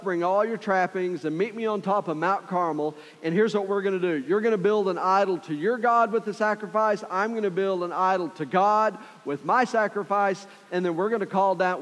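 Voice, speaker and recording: Male pastor, conversational sermon, slightly high voice, church with long reverb.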